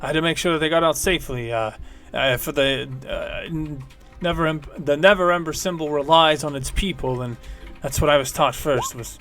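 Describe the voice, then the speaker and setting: A man's voice: fairly high pitch, normal speed, a bit bright, soft background music. A man doing a hesitant, stumbling guard. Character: bored, unsure male city guard.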